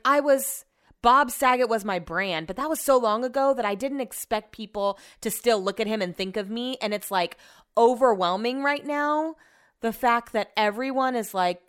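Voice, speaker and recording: Chatty young woman, smooth clear voice. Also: medium pitch, fairly bright tone. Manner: chatty, rambling, says "like" often; shaken and subdued. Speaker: podcast host. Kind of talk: casual solo podcast chat. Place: home office.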